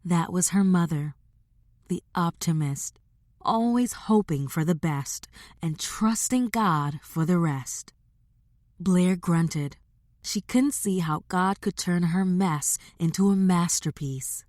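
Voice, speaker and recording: Woman reading an audiobook, slow and steady, dry close sound. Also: fairly low pitch, no room sound. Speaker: audiobook narrator. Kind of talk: scripted audiobook narration.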